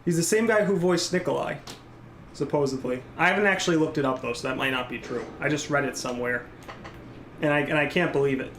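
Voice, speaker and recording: A man's voice: on the high side, quick pace, a bit bright, a little hiss or hum. Rambling man streaming a game, echoey room. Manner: rambling, casual, reads and answers chat. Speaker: gameplay streamer. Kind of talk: live gameplay commentary.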